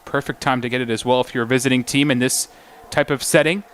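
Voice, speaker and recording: A man's voice: mid-range voice, steady tone, fairly bright tone, clear, resonant tone. A man calling live women's football play-by-play, naming players as the action moves. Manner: brisk play-by-play calling names. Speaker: play-by-play commentator.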